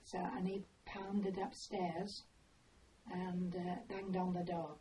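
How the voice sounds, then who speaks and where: Older woman, oral history interview, slow meandering storytelling, distant mic with faint noise. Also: lowish voice, flat delivery. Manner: unhurried, meandering storytelling with pauses.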